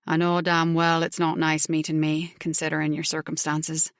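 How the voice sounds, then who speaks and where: A woman voicing a menacing biker man who talks low and mocking, at times half-whispering. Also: completely flat delivery, moderate pace, smooth, no echo, clean studio sound. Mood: wry.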